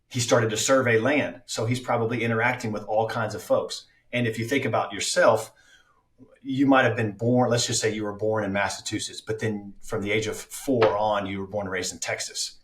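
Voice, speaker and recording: A man's voice: fairly low pitch, steady tone, normal speed, a bit bright, echoey room, far from the mic. A man speaking as an actor guest on a casual podcast, reflective, with many fillers and restarts.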